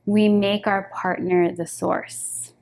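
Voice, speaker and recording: A woman's voice: mid-range voice, little pitch movement, takes it slowly, vocal fry. Affirming female therapist guest. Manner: warm, affirming, explanatory. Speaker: psychotherapist guest. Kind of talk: casual conversation.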